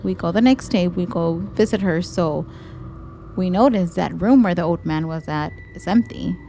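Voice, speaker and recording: A young woman with a Texan accent, co-hosting a podcast and telling a story in casual chat, animated, swearing freely and slipping into Spanish phrases. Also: fairly low pitch, moderate pace, gravelly, a little hiss or hum. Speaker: podcast co-host.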